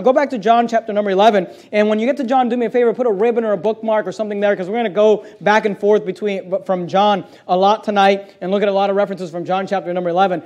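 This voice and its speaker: A man preaching a sermon and reading scripture aloud, stretching out key words and sometimes dropping to a quiet, low delivery. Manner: preaching with slow, drawn-out emphasis and sudden drops to quiet; reads scripture aloud in old-style wording. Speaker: pastor.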